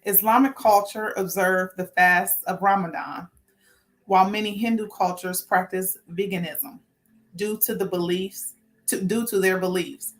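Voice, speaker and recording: In an unhurried, steady mid-range voice, this woman leads an informal, earnest spiritual talk from notes. She rambles, often restarting sentences as she works through each point.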